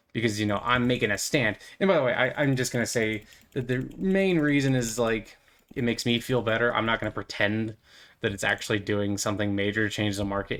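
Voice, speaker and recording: A man's voice: lowish voice, a bit bright. A young man hosting a gaming channel, rambling playfully through casual commentary as he plays, with lots of fillers and goofy asides. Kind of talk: casual commentary while playing.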